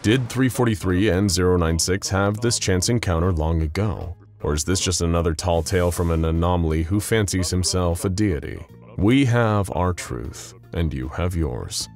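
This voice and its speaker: A man's voice: low-pitched, a little mellow. A man narrating a scripted story with dramatic storyteller pacing. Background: faint music.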